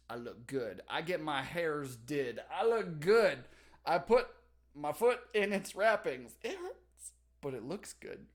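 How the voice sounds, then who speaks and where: Animated young man telling a story. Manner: animated, laughing, big pitch jumps for emphasis. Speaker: streamer. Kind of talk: casual storytelling livestream.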